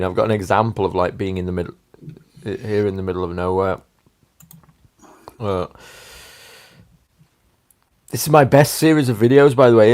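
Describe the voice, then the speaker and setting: Stream host, male, laid-back and teasing, lowish pitch. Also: a little mellow. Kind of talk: casual chat.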